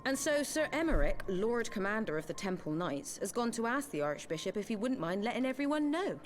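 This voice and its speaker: A woman's voice: a little high, sing-song, a little fast, faint music behind. An actress voicing a tough, street-wise woman leader in a video game cutscene, speaking in a dry, sardonic, commanding way. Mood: explaining.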